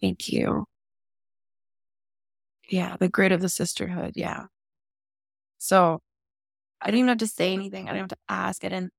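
A woman's voice: mid-range voice, steady tone, moderate pace, creaky, pauses often, dry recording, clean studio sound. A woman guest on a podcast, candidly telling a personal story in an open, emotional and casual way, with some swearing.

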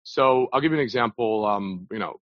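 A man's voice: fairly low pitch, a little fast, no room sound. A man talking as a podcast guest, telling a story in a casual, loose way, full of fillers and restarts. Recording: dull, dry lo-fi audio.

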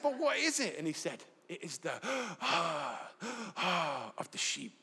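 Northern English preacher in a reverberant hall. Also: male voice, a little high, normal speed, gravelly, hardly any pauses, breathy edge. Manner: lively storytelling, acts out dialogue. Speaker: pastor. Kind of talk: sermon with anecdotes. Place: large church hall, live.

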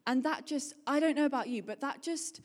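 A woman preaches in a lively, conversational way, telling everyday stories in quick bursts. Her voice sits fairly high. A long reverb hangs behind her, as in a church hall. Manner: chatty, animated storytelling, fast bursts. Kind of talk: sermon.

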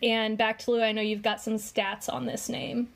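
A woman's voice: a little high, level tone, moderate pace, vocal fry. A woman co-hosting a casual commentary podcast, chatty and heavy on fillers as she explains. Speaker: podcast co-host.

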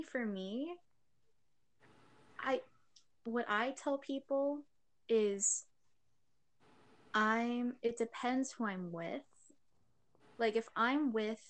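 Young woman, giggly and rambly, just chatting with friends. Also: a little high. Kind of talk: casual chat.

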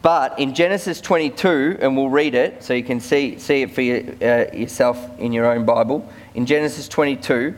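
A man's voice: medium pitch, normal speed, hardly any pauses. A man preaching a sermon as a pastor, conversational, often repeating words as he starts sentences.

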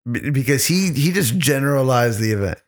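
A man hosting a comedy podcast, telling crude stories in a rambling, profane way. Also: a little fast. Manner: rambling, profane, gets louder and higher when excited. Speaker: podcast host.

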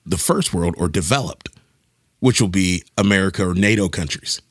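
A man co-hosting a podcast, talking in an animated, casual way and thinking aloud with frequent restarts. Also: low voice, moderate pace, slightly rough, dry recording, studio quality. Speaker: podcast co-host. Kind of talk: casual discussion.

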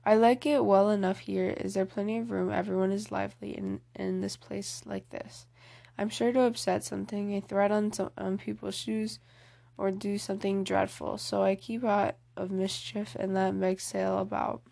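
A woman's voice: medium pitch, little pitch movement, moderate pace, creaky, mellow. A woman reading aloud as a spirited, outspoken teenage girl in a storybook, in a voice close to her own. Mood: frank. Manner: outspoken, hearty. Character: spirited tomboyish teenage girl, blunt and eager.

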